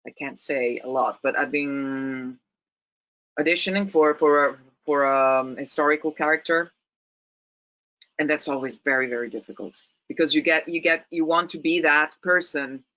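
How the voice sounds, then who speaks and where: A woman's voice: low voice, normal speed, sharp tone, poor audio. A middle-aged woman from Italy with an Italian accent, a guest actress talking thoughtfully and often restarting her sentences. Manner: thoughtful, many restarts and repeated words. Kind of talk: casual interview chat.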